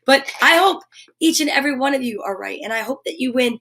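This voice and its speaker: A woman with a high, bright voice hosts a live stream and talks right to her viewers. Her manner is bubbly and animated, casual and eager. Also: quick pace. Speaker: host of a live storytime show.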